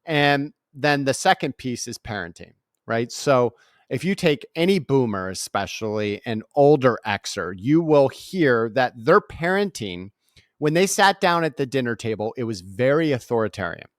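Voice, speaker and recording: Answering an interviewer's questions, a man in his 40s who is a guest author and speaker tells stories animatedly, often checking in with "right?". He has a medium pitch and moderate pace, captured in studio quality with no room sound.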